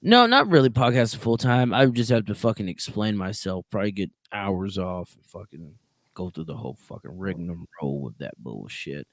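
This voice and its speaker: A man who works as a prison sergeant, chatting casually on a podcast and telling profane stories with big swings between loud and quiet. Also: deep voice, very animated, a little fast, no room sound. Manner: profane storytelling with swings in loudness.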